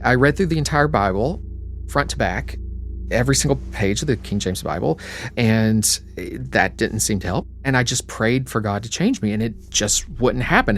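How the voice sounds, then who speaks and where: A young adult man, interviewed, reflecting on his life in a quiet, emotional way. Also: fairly low pitch, lively intonation, normal speed, slight background noise. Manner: reflective, quietly emotional, sometimes trails to a whisper. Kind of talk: personal storytelling.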